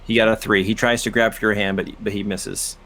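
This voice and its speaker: A man narrating as game master in a live tabletop game, casual and halting, with frequent fillers. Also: lowish voice, little pitch movement, bright, forceful tone, slight background noise.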